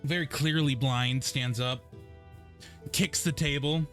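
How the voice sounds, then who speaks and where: A man's voice: mid-range voice, unhurried, fairly bright tone, faint music behind. A man narrating as game master in a playful, descriptive way.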